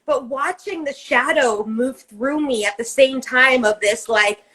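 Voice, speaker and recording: A woman with a fairly high voice, talking in a loose, candid podcast chat. She is emphatic and swears freely, and she slips into quoted inner voices as she talks. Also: a little slow, pushed and bright, poor audio. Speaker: podcast co-host. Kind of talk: casual chat.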